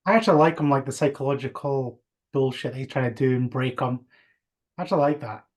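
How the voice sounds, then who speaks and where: A man's voice: mid-range voice, brisk. A man co-hosting a podcast, chatting casually about a film with blunt, sweary remarks. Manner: blunt, sweary, short reactions. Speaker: podcast co-host. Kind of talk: casual film review chat.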